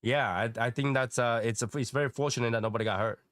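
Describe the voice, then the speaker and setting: Calm guy hosting a chat, steady reassuring talk, dry sound. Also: medium pitch, fast talker, dry recording. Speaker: panel host. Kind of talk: casual chat.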